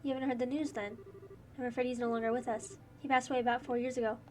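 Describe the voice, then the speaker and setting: A woman's voice: a little high, level tone, racing, distant mic, lightly acted. A woman voicing a kind, motherly older woman who runs an orphanage, with faint game music behind. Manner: warm, motherly.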